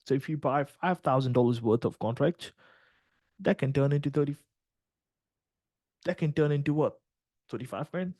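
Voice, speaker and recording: A man's voice: fairly high pitch, moderate pace, pauses often, dark tone, no room sound. A man, a trading mentor, talking casually on a video call, rambling, full of slang and cursing as he tells a story to his students.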